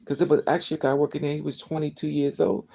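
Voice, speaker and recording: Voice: mid-range voice, flat delivery, rapid-fire, gravelly, warm tone, a little hiss or hum, rough recording. A vlogger telling a story as a casual rant, emotional and indignant, repeating phrases for emphasis.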